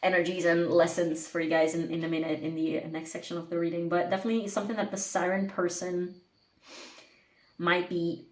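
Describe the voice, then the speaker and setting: A woman's voice: fairly low pitch, little pitch movement, fairly quick, reverberant. A woman giving a casual tarot reading to camera, chatty and rambling with lots of "like". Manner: chatty and rambling, heavy use of "like". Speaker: tarot reader. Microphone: camera mic.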